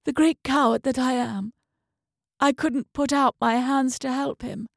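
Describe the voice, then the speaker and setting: High-voiced woman narrating horror slowly. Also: fairly even intonation, creaky, dry recording, studio quality. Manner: dramatic, dropping into hushed whispers. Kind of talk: first-person horror story narration.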